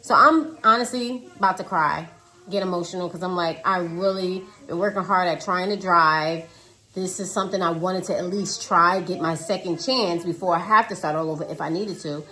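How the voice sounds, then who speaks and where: A woman in her thirties telling a casual storytime about her day, dramatic and animated, talking to viewers as "y'all" while cooking at home. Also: on the low side, moderate pace. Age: 30s. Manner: animated, dramatic retelling with quoted voices. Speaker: vlogger. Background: child singing in the background.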